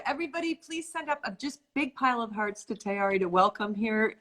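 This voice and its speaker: A woman's voice: on the high side, animated, fairly quick, few pauses, a bit bright. A woman hosting a live-stream author interview, chatting casually and affectionately with viewers, often laughing.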